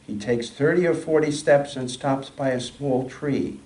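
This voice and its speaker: A man at a mid pitch tells a story slowly and steadily during a sermon. His voice echoes through a large room and sounds distant from the microphone. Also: darkish tone. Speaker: speaker. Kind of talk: sermon with a read-aloud story.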